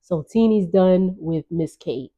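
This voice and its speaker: Chatty woman recapper, low mellow voice, slightly dull lo-fi sound. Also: takes it slowly. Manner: chatty, gossipy, laughing asides. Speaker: reality TV recap vlogger. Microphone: on-camera.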